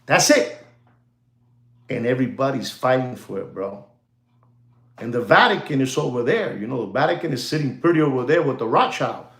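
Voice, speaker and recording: A watch dealer and market commentator chats with his viewers about watches and the gold market, rambling, repeating phrases, saying "you know" a lot and slipping into Spanish slang. He hypes and jokes with the audience, calling them "ladies and gentlemen". His mid-range voice has lively intonation, normal speed and long pauses, recorded with a roomy echo.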